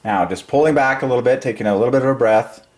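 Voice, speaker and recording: A man hosting a religious channel, rambling through a numerology monologue, excitable and giggly, then dropping to low quiet mumbling while he counts. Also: fast talker. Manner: giggly, excitable, breaks into high laughs. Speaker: religious YouTube channel host.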